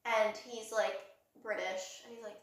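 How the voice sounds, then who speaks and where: A woman's voice: mid-range voice, steady tone, unhurried. A young woman co-hosting a casual gossip chat, telling stories with lots of "like" and giggles. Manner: chatty storytelling, lots of "like", giggly. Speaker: podcast co-host. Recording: very echoey room, mic at a distance.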